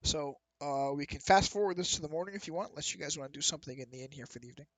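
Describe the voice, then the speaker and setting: A man's voice: a little high, very fast, a bit bright, no room sound, poor audio. Laid-back male game master. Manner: casual, laid-back, with fillers. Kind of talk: narrating a tabletop game.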